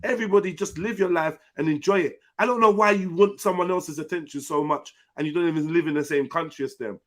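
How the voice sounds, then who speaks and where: Blunt high-pitched man ranting. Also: quick pace. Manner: blunt, swearing, slangy. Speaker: panel host. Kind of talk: heated online panel chat.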